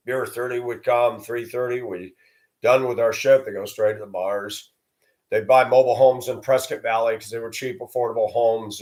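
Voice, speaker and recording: A man's voice: fairly low pitch, a little mellow. A man talking to the camera in a rambling personal monologue, blunt and sometimes crude. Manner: rambling, blunt, with coarse language. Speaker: vlogger.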